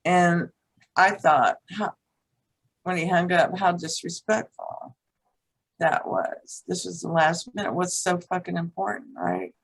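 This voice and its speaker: Slow, gravelly-voiced woman telling her story. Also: on the low side, expressive, rough recording. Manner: blunt, frank, swears casually. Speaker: guest, teacher and author. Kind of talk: candid personal storytelling in conversation.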